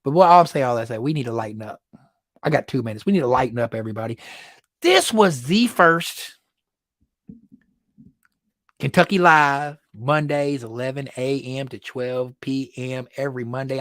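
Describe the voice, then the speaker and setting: A man's voice: medium pitch, fast talker, dry recording. A man hosting his own weekly livestream from his studio, chatting casually, joking and laughing often. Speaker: livestream host. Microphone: phone or computer livestream.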